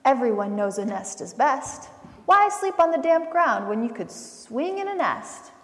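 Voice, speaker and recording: A woman's voice: high voice, big pitch swings, a little slow, reverberant, big-room sound, pitched above the performer's own voice. A woman voicing a confident female oriole in a storybook, sing-song and boastful.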